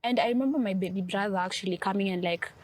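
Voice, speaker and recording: A woman's voice: medium pitch, fast. A woman on a podcast, telling a personal story in an earnest, emotional way. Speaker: podcast co-host. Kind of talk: podcast conversation.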